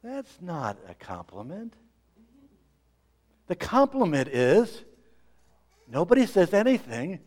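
A middle-aged male pastor delivering a sermon in a fairly high voice. He swings between loud, emphatic lines and soft asides. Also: huge pitch swings, takes it slowly, long pauses.

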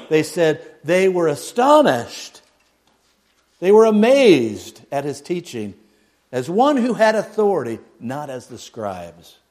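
A man preaching a sermon, dropping to near a hush and then rising loud. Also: a little high. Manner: dramatic swings from hushed to loud, mocks a pompous prayer voice.

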